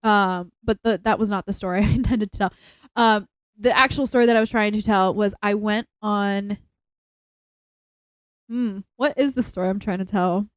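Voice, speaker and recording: A woman's voice: mid-range voice, steady tone, moderate pace, no room sound. Rambling woman podcast co-host, dry sound. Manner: rambling, loses her train of thought, laughs easily. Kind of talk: casual chat. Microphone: in-ear earbuds with mic.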